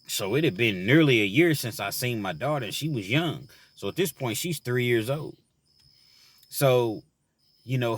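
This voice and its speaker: A man's voice: lowish voice, fairly bright tone, dry recording. A man telling a personal story about his time in prison, earnest and reflective, full of "you know" fillers, then turning to advice for young men.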